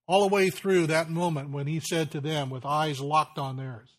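A man preaching a sermon in a folksy way, slowing down to stress key lines. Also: a little high, fairly even intonation, a bit bright. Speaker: pastor.

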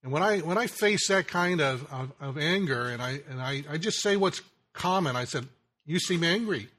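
Pastor guy preaching, kinda high bright voice, slows way down, trails off quiet. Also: lively intonation. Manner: slow deliberate preaching, drops to a near-murmur at ends of phrases. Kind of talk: sermon with a joke story.

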